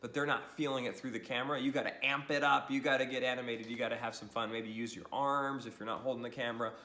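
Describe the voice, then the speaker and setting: Speaking fast at a medium pitch, a man leads a lively, animated social media training on camera. He laughs a lot and keeps adding "right?" to his sentences, all in an echoey room.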